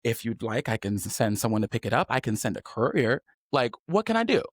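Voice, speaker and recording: A man hosting a podcast, telling a personal story in candid chat and acting out the people he quotes with sudden high voices. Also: fairly quick, breathy edge, no echo, clean studio sound. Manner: animated, swings into high mocking voices when quoting. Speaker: podcast host.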